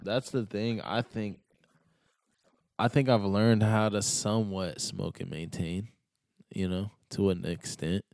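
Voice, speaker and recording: A young man with a somewhat low, smooth and clear voice talks in a loose, rambling, slang-heavy way. He sounds recorded close and dry in a studio, with no room echo. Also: steady tone, takes it slowly, a little mellow. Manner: laid-back, slangy, rambling with many fillers. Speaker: podcast guest. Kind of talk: casual podcast chat.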